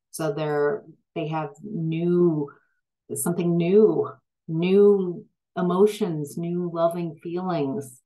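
The audio is poor as a woman with a low, slightly mellow voice gives a tarot reading. She's hesitant, full of fillers and restarts, and becomes emphatic when frustrated.

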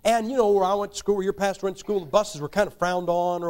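A man's voice: sits high, expressive, a little fast, few pauses, a little mellow. A man preaching a sermon in a folksy, joking way, with emphatic rises in his delivery. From United States.

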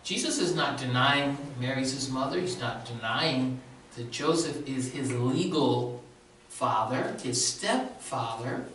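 Preaching with a sore throat, this pastor keeps his sermon conversational and regularly checks in with the congregation. He speaks slowly in a mid-range, slightly bright voice, picked up by a distant mic in a very echoey room with a little hiss or hum.

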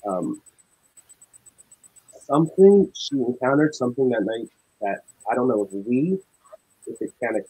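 Young male paranormal investigator, husky voice, animated storyteller. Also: medium pitch, unhurried, pauses often, rough recording. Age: young adult. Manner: animated, acts out dialogue in tense retelling. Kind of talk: casual storytelling.

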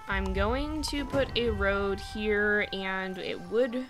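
A woman's voice: mid-range voice, slow pace. A woman streaming a city-building game, thinking aloud in a chatty, self-correcting way as she plans roads and buildings. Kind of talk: casual gameplay commentary. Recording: game music underneath.

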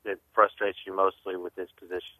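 A man calling in to a radio show, asking his question hesitantly with many pauses and fillers. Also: deep voice, little pitch movement, pushed and bright, no room sound. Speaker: caller. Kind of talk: call-in question. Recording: tinny phone line.

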